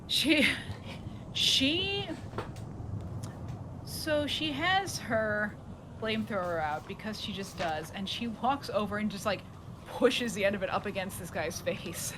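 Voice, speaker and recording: A woman playing a tabletop game, arguing in character with lively indignation. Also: medium pitch, takes it slowly, long pauses, background noise. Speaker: player. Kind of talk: tabletop role-play.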